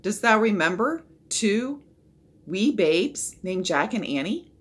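Woman reader as a warm, old-fashioned pilgrim governor, formal and welcoming. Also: medium pitch, sing-song, slow, husky, pitched above the performer's own voice, full character voice. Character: kindly friendly pilgrim governor, man.

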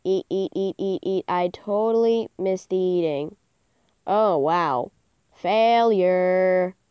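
Chatty young gamer girl, crisp dry voice. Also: lowish voice, slow, no echo, lo-fi sound. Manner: chatty, self-mocking, bursts into loud cheering. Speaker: gaming channel host. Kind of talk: casual gameplay commentary. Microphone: phone screen recording.

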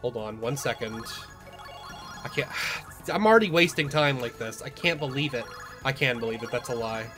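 A man's voice: medium pitch, lively intonation, moderate pace. A young man casually rambling through let's-play commentary, self-deprecating and swearing often. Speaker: gamer. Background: game music.

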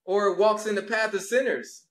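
A man's voice: high voice, moderate pace, echoey room, crowd noise. A man rebuking a caller, taunting and sarcastic in a preachy rant. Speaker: religious video host.

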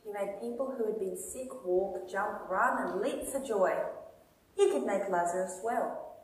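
Give me a woman reading a children's Bible story, lively and questioning, with a roomy church echo. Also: medium pitch, measured pace. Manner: animated, asks the listeners questions. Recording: echoey church from far off.

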